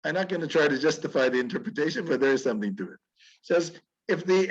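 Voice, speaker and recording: A rabbi teaches through a story in a lively, conversational manner, and his pitch rises and falls widely. His voice is a little higher than most men's and somewhat husky. The recording sounds dull and lo-fi. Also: fast. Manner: animated, chuckling, conversational. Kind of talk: storytelling lecture.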